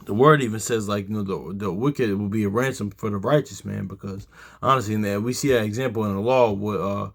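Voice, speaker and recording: Brisk and fairly low-pitched with vocal fry, a tired man leads an informal Bible study. He rambles, fills his speech with fillers, and reads out verses as he goes.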